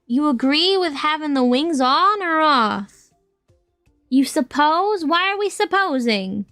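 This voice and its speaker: During a gaming livestream, a VTuber chats casually with viewers, joking, swearing, and responding to their messages in a playful way. Her voice sits high and is fairly bright and animated, though she takes it slowly; the recording is dry, with game music playing faintly.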